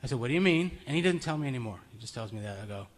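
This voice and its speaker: A man gives a relaxed, chatty sermon to a small group in a meeting room. He tells his stories plainly and chuckles between points. His pitch sits in the middle range. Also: racing. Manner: conversational, storytelling, chuckles often. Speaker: preacher. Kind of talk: informal sermon.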